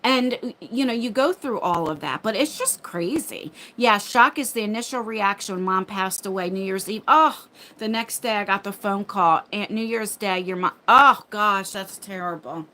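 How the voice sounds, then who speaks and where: A woman's voice: medium pitch, bright, forceful tone, poor audio. A woman hosting a casual live chat from home, talking to her viewers and her dog while out of breath. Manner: chatty, talks to viewers and her dog while rushing around. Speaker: livestream host. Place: home, moving between floors.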